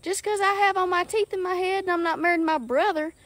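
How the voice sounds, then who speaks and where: A woman's voice: very high-pitched, fairly even intonation, fast, a bit bright. A woman from South Alabama with a Southern accent, ranting bluntly to her followers in a sassy, folksy way. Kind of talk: outspoken social media rant.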